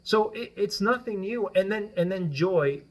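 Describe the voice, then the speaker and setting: A man's voice: sits high, lively intonation, a little slow. A man whose first language is Spanish, a guest on a casual political podcast. He explains his points at length and keeps checking in with "right?".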